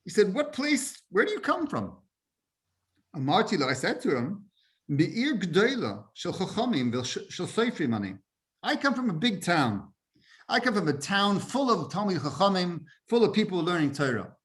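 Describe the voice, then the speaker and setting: Rabbi guy giving a torah class, bit higher voice, keeps repeating words, drops hebrew terms. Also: sing-song, normal speed, fairly bright tone. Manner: repeats words often while searching for phrasing; mixes Hebrew and Yiddish terms into English. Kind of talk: informal Torah lesson.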